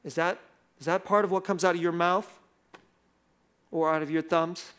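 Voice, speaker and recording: Male pastor, middle-aged, high-pitched voice, casual self-mocking sermon storytelling. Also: fairly even intonation, moderate pace, a bit bright, clear, resonant tone. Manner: self-deprecating, laughs often, conversational.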